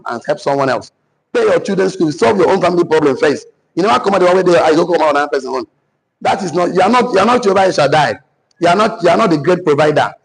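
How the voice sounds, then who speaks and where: A man's voice: fairly high pitch, vocal fry, slightly rough, low-quality recording. A man with a Nigerian accent, a business mentor giving a preachy motivational talk with call-and-response, slipping into pidgin.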